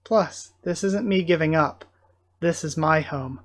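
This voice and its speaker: A man reading the part of a brave young woman who gently reassures someone. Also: a little high, unhurried. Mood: reassuring. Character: brave young woman saying farewell calmly.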